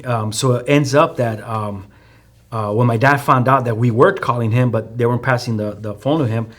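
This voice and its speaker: A man's voice: mid-range voice, fairly even intonation, moderate pace. A man with a Chicano English accent, a guest telling a personal testimony in a loose, storytelling way, with many fillers and restarts. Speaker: podcast guest.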